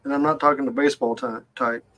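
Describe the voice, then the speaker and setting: A man's voice: mid-range voice, steady tone, quick pace, pushed and bright, rough recording. A man in casual chat, telling family stories with emphatic asides. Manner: chatty, emphatic storyteller.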